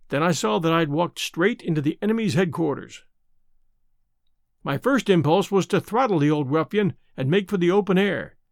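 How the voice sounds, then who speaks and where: A man narrating a classic adventure novel in the first person, with measured storytelling. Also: sits high, vocal fry, no room sound, studio quality. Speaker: audiobook narrator.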